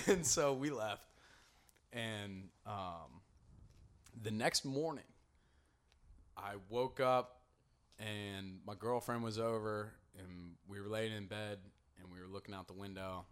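A man's voice: lowish voice, slow pace, a bit bright, smooth. Rambling, swearing male podcast storyteller. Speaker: podcast host. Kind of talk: casual storytelling chat.

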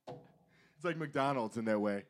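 A man's voice: medium pitch, expressive, slow pace, slight background noise. A man co-hosting a casual podcast, reading out news stories with sarcastic, crude jokes. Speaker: podcast co-host.

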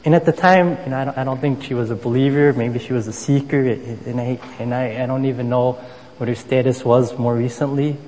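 A man's voice: mid-range voice, fairly even intonation, brisk, warm tone, slight background noise. A man delivering a sermon in a conversational way, with frequent "you know" fillers and personal stories. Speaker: preacher. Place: Boston area. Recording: long hall reverb.

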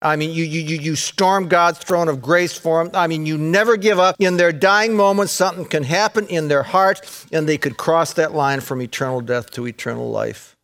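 A man preaching a sermon in a folksy way, peppering his talk with "man" and "folks", swinging between raised excited passages and hushed, intense ones. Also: fairly high pitch, moderate pace, few pauses. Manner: folksy, says "man" and "folks", repeats words. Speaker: pastor.

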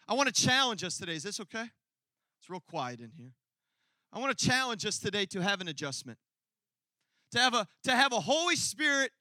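A man's voice: high voice, pushed and bright, no room sound. A man preaching a sermon to a congregation, telling a story with laughter and asides to the crowd. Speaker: pastor. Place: church hall before a congregation.

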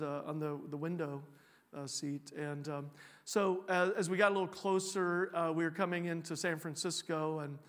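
A man preaching a sermon, telling a personal story in a relaxed, conversational way with frequent fillers and restarts. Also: on the high side, big-room sound. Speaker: pastor.

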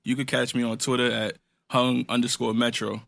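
Gravelly, flat-voiced man chatting as a guest. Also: medium pitch, moderate pace. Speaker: podcast guest. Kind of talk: casual chat.

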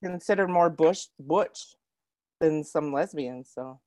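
A woman's voice: low voice, slow, a little mellow. A woman co-hosting a podcast, chiming in with short playful remarks in a casual chat. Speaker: podcast co-host.

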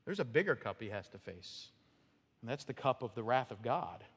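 A male pastor preaching an expository sermon, emphatic, with rhetorical "right?" checks and sudden drops to a quiet voice. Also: mid-range voice, big pitch swings, moderate pace, breathy edge. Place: church sanctuary. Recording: reverberant hall sound.

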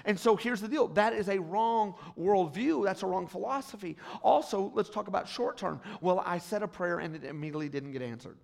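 A man preaching a sermon as pastor, calling out to the congregation and swinging between hushed asides and loud, rising appeals. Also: high-pitched, fairly quick, vocal fry, hardly any pauses.

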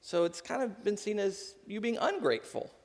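A pastor, a man in his thirties, giving a conversational sermon with lively asides. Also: high-pitched. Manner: conversational preaching, animated, quick asides. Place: church sanctuary. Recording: long hall reverb.

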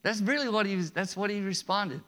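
A man preaching a sermon in a conversational, animated way, with rising emphasis and frequent chuckles. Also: sits high, a little fast. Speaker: pastor.

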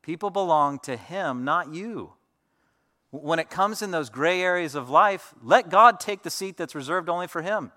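A man in his thirties preaches to his congregation with a bright, forceful voice pitched a little high. He tells stories in a relaxed, conversational way, full of fillers and asides. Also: normal speed. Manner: conversational storytelling with many fillers. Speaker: pastor. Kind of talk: sermon.

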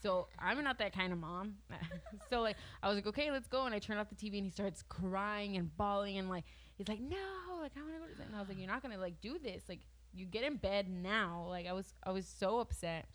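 A woman's voice: medium pitch, brisk, a bit bright. A young adult woman chatting casually, telling a long story with "like" in almost every phrase and laughing often. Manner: chatty storyteller, heavy use of "like", frequent laughs. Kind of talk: casual chat.

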